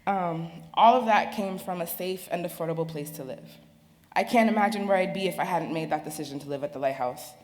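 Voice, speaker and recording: A young woman reading a personal speech at an event, slow and earnest. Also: fairly low pitch, a little mellow. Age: young adult. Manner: slow, earnest, halting delivery. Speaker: speaker sharing her story. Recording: reverberant hall with faint ambience.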